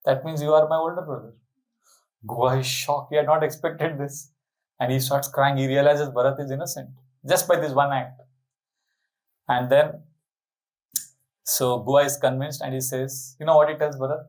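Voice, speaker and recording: A man giving a storytelling sermon, lively, asking the audience rhetorical questions. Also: mid-range voice, moderate pace, pauses often, poor audio. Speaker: spiritual speaker.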